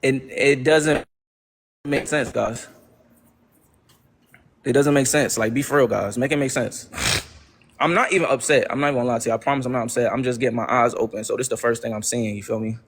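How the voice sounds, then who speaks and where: A man's voice: mid-range voice, brisk, pauses often, a bit bright. A young man hosting a livestream, ranting to his chat in casual slang and repeating exasperated rhetorical questions. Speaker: livestream host.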